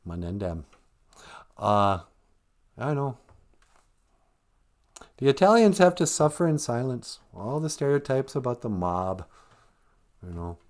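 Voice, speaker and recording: A man's voice: medium pitch, sing-song, slow, pauses often. A man hosting a live stream, chatting casually in a joking, rambling way and reading out viewer comments. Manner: joking, rambling, reads chat comments aloud.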